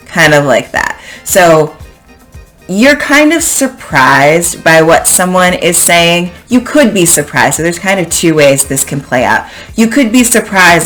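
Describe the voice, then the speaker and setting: Slow, low-voiced woman teaching English. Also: animated, a bit bright, faint music behind. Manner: chatty, playful, acts out example phrases. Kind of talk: casual online vocabulary lesson.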